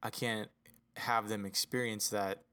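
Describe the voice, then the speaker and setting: Low-voiced dad in casual talk. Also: male voice, measured pace, smooth. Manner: earnest, relaxed, says "you know" a lot. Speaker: podcast co-host, father. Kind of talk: casual chat.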